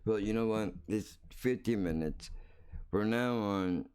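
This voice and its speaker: A man's voice: fairly low pitch, unhurried, a little mellow, clear, resonant tone. A man hosting his own show, telling a rambling story bluntly and swearing freely. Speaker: podcast host. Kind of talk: casual storytelling monologue.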